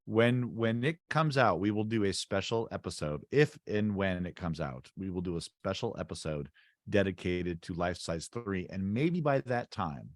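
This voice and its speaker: A man's voice: deep voice, lively intonation, normal speed, no room sound, studio quality. A man co-hosting a podcast, steering the talk and chiming in with short replies. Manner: steering the segment, brief backchannels. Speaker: podcast co-host. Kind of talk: casual podcast chat.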